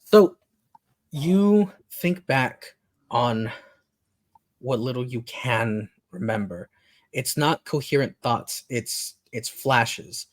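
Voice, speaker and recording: Male game master, mid pitch, relaxed halting narration, casual podcast table talk.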